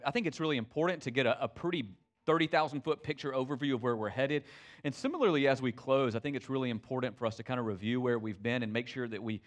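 A young preacher with a drawl, speaking to his congregation in a church. His voice sits at an everyday middle pitch. He keeps the sermon loose and chatty, full of fillers and "right?" asides. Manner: folksy and conversational, with frequent fillers and "right?" checks. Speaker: pastor. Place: church sanctuary.

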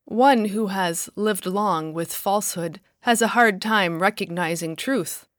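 A woman reading the Lord, calm and grave. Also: medium pitch, a little slow, dry recording, clean studio sound, close to an everyday voice. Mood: solemn. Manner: steady, solemn, gentle authority. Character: the Lord, calm grave male divine figure. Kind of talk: storybook reading.

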